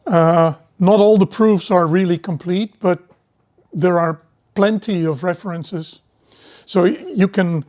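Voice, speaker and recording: A middle-aged man giving a university lecture in a relaxed, digressive way, often restarting his sentences. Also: sits high.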